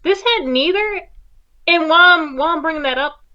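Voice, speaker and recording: A woman's voice: very high-pitched, animated, a little fast, sharp tone, dull audio. A woman co-hosting a casual movie review chat, blunt and profane in her complaints. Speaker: co-host.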